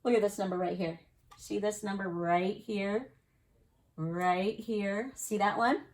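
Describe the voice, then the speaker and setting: A woman teacher giving an early-grade math lesson, counting aloud and asking the children encouraging questions. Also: mid-range voice. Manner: slow, encouraging, sing-song counting with questions to kids.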